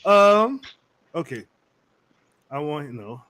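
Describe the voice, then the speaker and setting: A man hosts a relaxed group chat in easygoing slang, laughing often. His voice sits a little high, with a faint hiss in the background. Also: a little slow, pauses often. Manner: laid-back, laughing, slangy. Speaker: podcast host.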